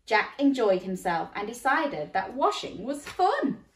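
Lively woman reading to children. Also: a little high, unhurried. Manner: animated, inviting kids to join in. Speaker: storyteller. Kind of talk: children's read-aloud. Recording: roomy, slightly distant mic.

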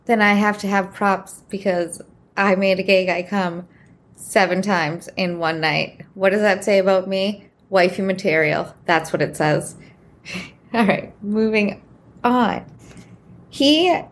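A woman in her thirties talks into a podcast mic in a loose, casual monologue. Her voice sits in an ordinary middle pitch, but she leaps up sharply when something shocks her. She is frank and unfiltered, and she swears freely. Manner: candid, blunt and frequently swearing, animated with big pitch jumps. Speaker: podcast host.

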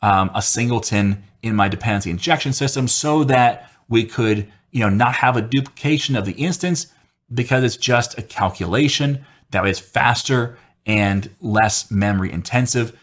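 A man who works as a software developer, giving casual, conversational advice on technical interviews, rambling a little and acting out quotes. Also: medium pitch, moderate pace.

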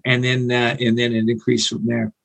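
A man in his forties telling a personal recovery story in a halting, earnest way, with many fillers and restarts. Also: medium pitch, completely flat delivery, gravelly, fairly bright tone, poor audio. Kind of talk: personal storytelling on an interview show.

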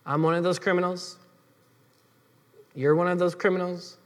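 A man's voice: high-pitched, flat delivery, normal speed. A male pastor preaching a sermon in an earnest, explanatory way, speaking directly to the congregation. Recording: long hall reverb.

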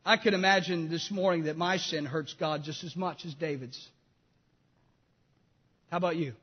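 A man preaching a sermon with passion, swinging between loud appeals and hushed, quiet moments. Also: a little high, fairly even intonation, normal speed, breathy edge, in a large hall, muffled recording. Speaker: pastor.

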